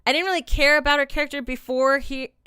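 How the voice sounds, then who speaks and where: A young woman co-hosting a podcast in casual chat, quick to argue and counter. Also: high voice, steady tone, bright, forceful tone, no echo, clean studio sound. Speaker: podcast co-host.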